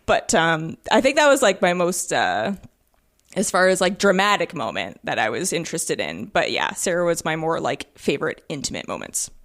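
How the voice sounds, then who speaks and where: A woman's voice: sits low, very animated, moderate pace, fairly bright tone. A woman co-hosting a casual game podcast, enthusiastic and acting out characters' lines as she retells scenes. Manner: enthusiastic, acts out quotes. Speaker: podcast co-host. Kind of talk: casual chat about a video game.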